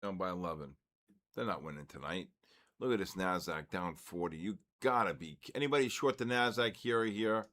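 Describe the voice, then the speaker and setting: An older man talks through a live trading session in a lowish voice. He is casual and excitable, exclaiming and muttering as the markets move. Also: fairly quick. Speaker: trading livestream host.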